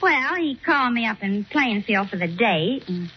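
Woman, radio comedy regular, deadpan wisecracks, lively high voice, vintage broadcast sound. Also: moderate pace. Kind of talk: 1940s radio comedy acting. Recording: dull vintage radio recording with hiss.

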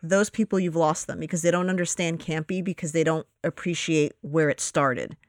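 A podcast co-host in casual chat, rambling and acting out their own reactions in quick quoted asides. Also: mid-range voice, fairly even intonation, no echo, clean studio sound.

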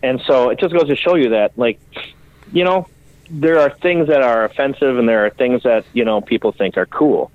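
Speaking at a moderate pace with a medium-pitched voice, a custom bike builder gives a blunt, emotional account of his story on a podcast, cursing often. The recording is dry, like phone audio from a remote call.

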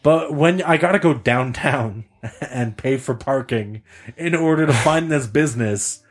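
A man co-hosting a podcast in casual chat, reacting quickly and chatting freely. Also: mid-range voice. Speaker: podcast co-host.

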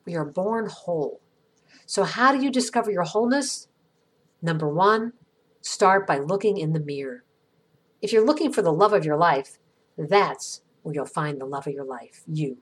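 A middle-aged woman from the United States hosting an inspirational podcast, reading a gentle, earnest script with reflective pauses. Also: fairly low pitch, expressive, breathy edge. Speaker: podcast host.

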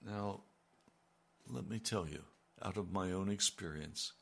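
Slow, gravelly older male preacher. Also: deep voice, fairly bright tone. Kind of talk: sermon.

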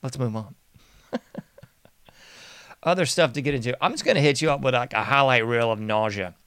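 A man's voice: mid-range voice, animated, moderate pace, fairly bright tone, smooth. A male commentary host talks with sarcastic, mocking energy. He often laughs and slips into sing-song refrains. The sound is dry, with no room echo. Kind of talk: casual political commentary.

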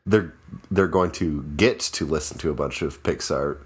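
Very deep-voiced man, dry teasing. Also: moderate pace, slightly rough. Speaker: podcast co-host. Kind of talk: casual chat.

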